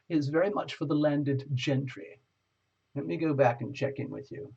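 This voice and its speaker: Husky-voiced man chatting on a dull stream. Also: fairly high pitch, normal speed, warm tone. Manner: rambling, playful, chatty. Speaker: tarot channel host. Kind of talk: casual livestream chat with viewers.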